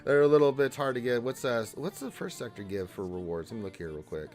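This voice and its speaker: Brief: male stream host, mid pitch, animated swings in tone, reads chat aloud with faint music behind. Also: quick pace. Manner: animated, greets viewers by name, jokey. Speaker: livestream host reading chat. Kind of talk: casual livestream chat.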